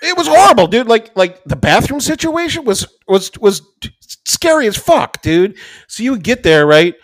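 A man co-hosting a podcast, telling a profane, animated anecdote in casual chat. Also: sits high, no room sound. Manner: animated, profane, fast-rambling anecdote with acted-out quotes. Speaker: podcast co-host.

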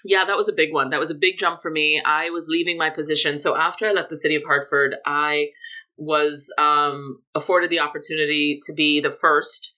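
A middle-aged woman from Jamaica, a guest telling her story in a relaxed interview, with emphatic lifts on key words. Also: sits low, a little fast. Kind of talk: casual conversational interview.

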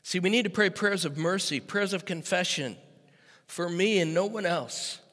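A man in his sixties preaching a sermon as pastor, moving from easy storytelling to loud, emphatic preaching. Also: sits high, normal speed. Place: church sanctuary. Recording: echoey hall with long reverb.

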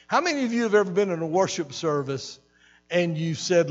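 A male pastor preaching a sermon, animated, repeating phrases and swelling loud for emphasis. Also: high voice, fairly quick, long reverb tail, muffled recording, faint music behind. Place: church sanctuary.

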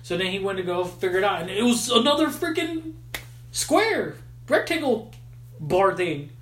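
A man's voice: sits high, very animated, normal speed, a bit bright, roomy sound. A man hosting a podcast, casually recapping a film in slangy, swearing chat. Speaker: podcast host.

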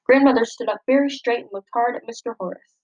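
A woman's voice: a little high, fast, darkish tone, muffled recording. Woman reading a picture book aloud. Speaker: storybook reader.

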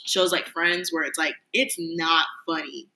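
Young woman, casual podcast co-host, rambly and laughs a lot, bright, lowish voice. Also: steady tone, measured pace, poor audio. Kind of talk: casual chat.

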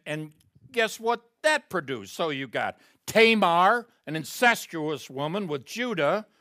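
A male pastor delivering a sermon in animated storytelling fashion, his pitch leaping widely as he moves between hushed asides and loud, emphatic peaks. His voice is bright and forward. The recording is dry and close, with no room sound. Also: no room sound. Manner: animated storytelling with acted-out quotes.

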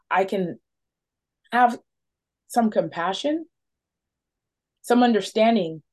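A woman in her thirties speaks at a recovery meeting, frank and self-mocking as she talks through her own faults. Her voice sits at a middle pitch, and she laughs easily at herself between admissions. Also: darkish tone. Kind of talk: personal testimony.

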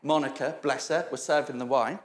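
In a church hall, a man preaches a sermon built on funny stories, acting out the voices of the characters and laughing often. His medium-pitched voice holds a steady tone at a slightly fast pace. The hall gives the recording a noticeable echo.

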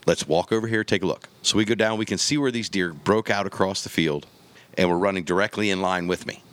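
A man with a deep, low voice tells a story in easy, casual podcast chat. He acts out the people he quotes and booms out the gunshots himself. The sound is dry and close. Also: brisk, a bit bright, no echo. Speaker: podcast guest telling a hunting story.

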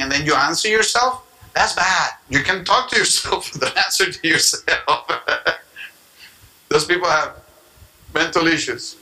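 A man's voice: fairly high pitch, a little slow, creaky, long pauses, low-quality recording. A man preaching a sermon, acting out prayers and mimicking people as he teaches. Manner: animated preaching with acted-out prayer voices and tongues. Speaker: pastor.

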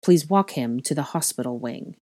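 A woman voicing a cold, stern male professor who speaks slowly and deliberately. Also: rumbling low, expressive, dark tone, no echo, studio quality.

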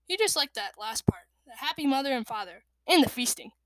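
A woman reading a children's novel aloud with lively, expressive narration. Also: sits high, fairly quick, dry recording. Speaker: reader.

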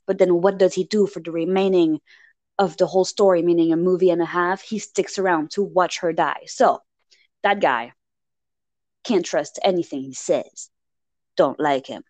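A woman's voice: on the low side, moderate pace, no echo. Woman ranting through a movie recap, jumpy voice, mocking everybody, dry close mic. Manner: animated, exasperated storytelling with mocking voices. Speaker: podcast co-host recapping a film. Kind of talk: casual chat.

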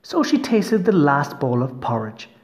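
Man reading a fairy tale, lively sing-song. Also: fairly high pitch, measured pace. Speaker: storyteller.

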